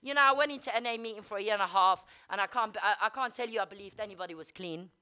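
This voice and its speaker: A woman's voice: mid-range voice, clear, resonant tone. A woman giving a blunt, candid personal recovery testimony, swearing freely and dropping many "you know"s. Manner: fast and energetic, rising and falling in loudness. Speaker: speaker sharing at a recovery meeting.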